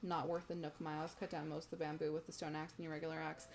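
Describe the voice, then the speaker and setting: A woman's voice: sits low, level tone, fast, vocal fry, slight background noise. A young woman streaming a game, chatting casually with viewers, giggly and gushing. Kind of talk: casual gameplay stream chat.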